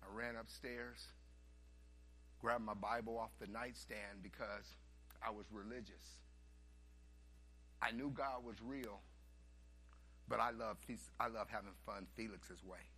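A man preaching a sermon, telling a story and swinging from hushed asides to loud, animated bursts. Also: on the low side, measured pace, pauses often, husky.

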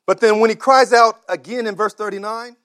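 Preacher guy with a high bright voice, dramatic, keeps repeating himself and shouting the big lines. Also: fairly even intonation, fairly quick. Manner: dramatic, acts out the voices of beggars and crowds; repeats words, builds up to shouted cries. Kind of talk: sermon.

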